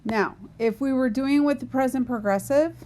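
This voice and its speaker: A woman's voice: high voice, normal speed, warm tone, a little hiss or hum. A woman teaching a recorded grammar lesson, patiently explaining and talking to herself as she writes on a board. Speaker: Spanish teacher.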